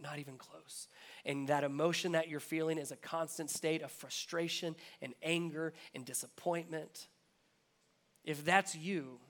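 A man's voice: on the high side, a bit bright. A man preaching a sermon as pastor, earnest and repetitive, building his emphasis step by step. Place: church.

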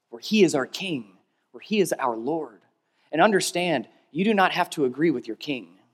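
A man preaching a sermon in a big church hall, his fairly high voice ringing out with a long reverb behind it. He leads the crowd to repeat phrases, climbing to loud emphatic peaks and then dropping to hushed, low lines. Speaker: pastor.

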